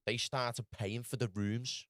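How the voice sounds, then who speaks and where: Scouse guy rattling off his story quick, lad this lad that, dry room. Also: mid-range voice, fairly even intonation, no room sound. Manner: rapid storytelling, calls the listener lad and bro. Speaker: podcast guest. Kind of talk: casual podcast chat.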